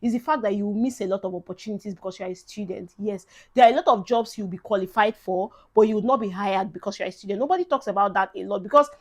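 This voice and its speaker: Speaking fast with few pauses, this young Nigerian vlogger has a mid-range, slightly mellow voice. Her casual advice vlog for incoming students is chatty and emphatic, sprinkled with Pidgin phrases.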